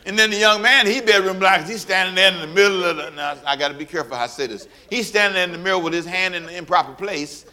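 Man, pastor, sermon, bright tone, slightly high pitch, animated, humorous, call-and-response. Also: quick pace, few pauses.

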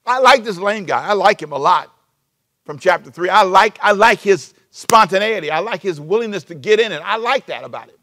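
A male pastor preaching a sermon, animated and repeating himself as he restarts phrases. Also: high-pitched. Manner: animated preaching, sudden shifts between loud emphasis and soft asides.

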